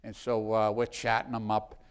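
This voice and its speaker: A man's voice: fairly low pitch, monotone, normal speed, smooth. Man spinning a rambling yarn. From South Boston. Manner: rambling anecdotes with many restarts. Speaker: congressman. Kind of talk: storytelling in a live interview.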